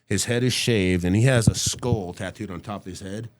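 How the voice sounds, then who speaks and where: A man's voice: on the low side, moderate pace. A middle-aged man, a podcast guest, telling a story casually and vividly, acting out the people he quotes and swearing freely. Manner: casual and profane.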